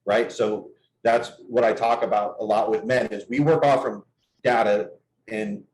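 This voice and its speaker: A man's voice: mid-range voice, a little slow, a little mellow, a little hiss or hum. Man, dating coach, casual conversation, earnest storytelling, echoey room.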